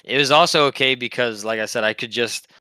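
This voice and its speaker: A young man in casual podcast chat, telling stories in a lively way. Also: mid-range voice, fast, clear, resonant tone, dry recording. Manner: storytelling, lively and laughing.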